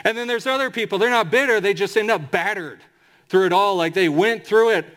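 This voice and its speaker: Male pastor with a high voice, emphatic sermon delivery that slows to stress scripture. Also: fairly bright tone. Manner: emphatic preaching with slowed, drawn-out scripture quotes.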